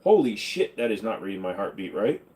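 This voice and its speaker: A man's voice: lowish voice, very animated, fairly quick, dark tone. A man hosting a livestream, answering viewer questions in casual chat with a crude, joking, offhand manner.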